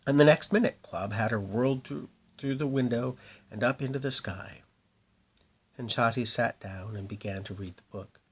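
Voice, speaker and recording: A man reading a children's fairy tale aloud in a lively, expressive way. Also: medium pitch, moderate pace, slightly rough. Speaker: storyteller.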